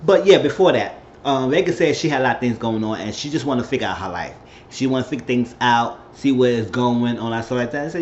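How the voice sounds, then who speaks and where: A man hosts a casual recap vlog, retelling a reality show episode in a rambling way and acting out people's lines. His medium-pitched, darkish voice is fast and lively, and the lo-fi audio sounds slightly dull with a bit of background noise.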